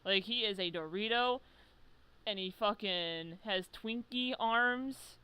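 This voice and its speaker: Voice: medium pitch, pushed and bright, clean tone, poor audio. A young adult creator giving a rambling, profanity-heavy comic recap of a game series from memory, often losing the thread. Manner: profane, rambling, self-interrupting. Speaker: video creator.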